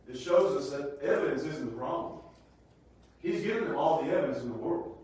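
A man preaching a sermon in a church, swinging from low, quiet passages to shouted, repeated lines. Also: animated, brisk. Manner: dramatic, swings from low murmurs to shouted repetition. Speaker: pastor. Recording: very echoey hall, voice far from mic.

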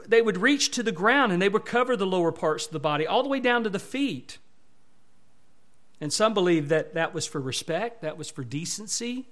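High-voiced pastor guy preaching, gets loud and emphatic on repeated words. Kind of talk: sermon.

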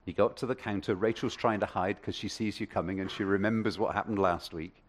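A man's voice: on the low side, steady tone, fast talker. A male pastor preaching a sermon, telling a story with acted asides and the odd stammer.

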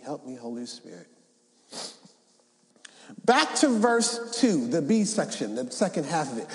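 A male pastor delivering a sermon, reading scripture aloud and rising into shouted emphasis. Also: very high voice, animated, moderate pace, reverberant, long reverb tail. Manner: preaching, rises to shouts, reads scripture. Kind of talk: Easter sermon. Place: church sanctuary.

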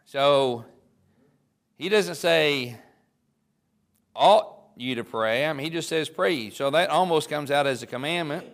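A man's voice: on the high side, lively intonation, normal speed, long pauses, a bit bright. A man, a pastor, preaching a sermon in a conversational way, stopping and restarting as he goes and reading scripture aloud.

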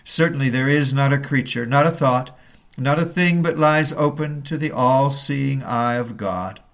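A man's voice: medium pitch, measured pace. A man reading an old Puritan sermon aloud, earnest and building to urgent rhetorical questions.

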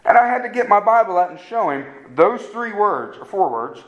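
This pastor's sermon comes in a high, expressive voice at a fairly quick pace. He is earnest and emphatic, frequently checks in with his congregation, and restarts sentences by repeating their opening words, all on a low-quality recording.

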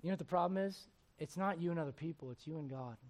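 A man preaching a sermon who swings between quiet, conversational asides and loud, emphatic exhortation, acting out the voices he quotes. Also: on the high side, fast. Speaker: pastor.

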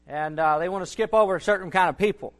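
A man's voice: high voice, fast, fairly bright tone. A man preaching a sermon, building to emphatic bursts and repeating his phrases. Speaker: Baptist preacher.

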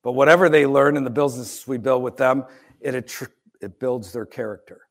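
A man's voice: medium pitch, brisk. A middle-aged man, a pastor from the United States, preaching a sermon in a conversational, wry storytelling way with asides.

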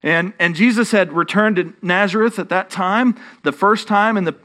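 A man's voice: high-pitched, moderate pace, pushed and bright. A man with a Texan accent preaching a sermon as pastor, rising in emphasis and often restarting his phrases.

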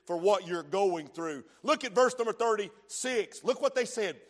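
A man preaching a sermon as pastor, swinging from hushed lines to shouts in a church sanctuary. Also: high-pitched, expressive, moderate pace. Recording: long hall reverb.

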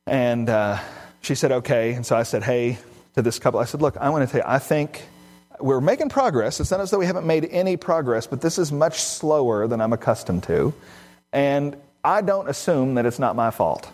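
A man's voice: mid-range voice, lively intonation, moderate pace, darkish tone. A middle-aged man, a pastor, preaching a sermon and telling a counseling story with quoted dialogue at a varying pace.

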